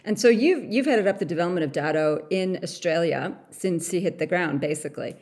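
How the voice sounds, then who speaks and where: A woman from Canada hosting a podcast interview over a call, chatty and quick to laugh. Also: lowish voice, a little mellow. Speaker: podcast host. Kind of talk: casual interview chat. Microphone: remote call.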